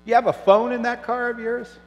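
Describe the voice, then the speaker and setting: A man voicing a chirpy, boastful driver of a cheap little car, high, loud and bouncy, with church reverb and faint music. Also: flat delivery, brisk, dull audio. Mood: cheeky boasting.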